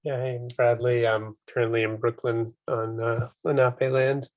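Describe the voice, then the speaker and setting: A man's voice: medium pitch, flat delivery, moderate pace, a little mellow. A man taking part in a group discussion, speaking tentatively and searching for words, over a video call. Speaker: participant.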